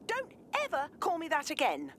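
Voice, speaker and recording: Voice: sits high, huge pitch swings, normal speed, over music. A performer playing a teasing housemate speaking lightly.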